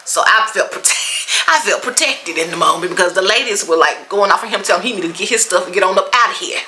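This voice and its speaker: Bright, animated Southern woman vlogger. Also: medium pitch, quick pace, slight background noise, rough recording. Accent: Southern American. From Mississippi, USA. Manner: animated storyteller, acts out quotes, laughs often. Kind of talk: storytime vlog.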